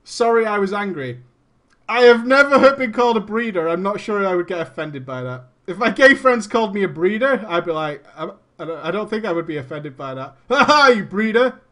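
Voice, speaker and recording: High-voiced man reading a story with jokes. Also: animated, a little fast, a bit bright. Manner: laughs often, mocking asides. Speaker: streamer. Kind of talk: reading a story aloud with commentary.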